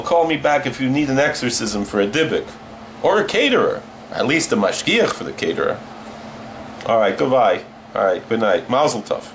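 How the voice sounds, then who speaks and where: A man's voice: mid-range voice, a little hiss or hum. A man hosting a late-night horror movie show, delivering hammy comic patter sprinkled with Yiddish words.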